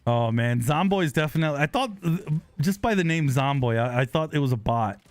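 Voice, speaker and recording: Excitable man live-streaming a game. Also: medium pitch, brisk, clear, resonant tone, no room sound. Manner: excitable, loud exclamations and apologetic laughs. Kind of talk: live gaming stream chat. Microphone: close desk microphone.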